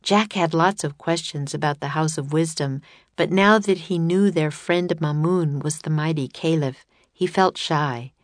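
A woman reading a children's chapter book aloud as narrator, calm and measured. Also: sits low, no echo. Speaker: audiobook narrator. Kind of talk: scripted narration.

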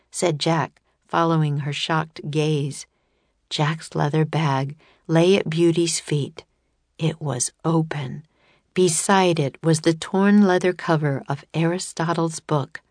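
A woman narrating a children's storybook in a clear, expressive way. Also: sits low, a little slow, no echo.

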